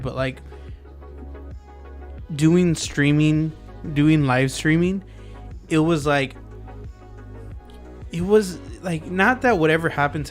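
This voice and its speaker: A man hosting a casual podcast, rambling loosely with many fillers and restarts. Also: a little high. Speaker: podcast host. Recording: lofi music underneath.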